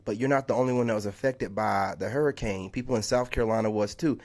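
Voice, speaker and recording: A man's voice: lowish voice, fast, darkish tone, voice pushed down, natural voice. A man quoting a curt, dismissive female government caseworker on the phone in his own voice.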